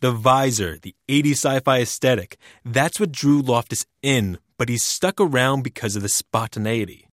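A man narrating a scripted radio news report in a measured, even way. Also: medium pitch, no room sound, clean studio sound. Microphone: studio mic.

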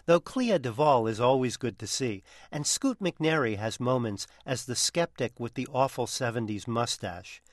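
A man's voice: mid-range voice, no room sound. Dry, wry male film critic. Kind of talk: scripted film review.

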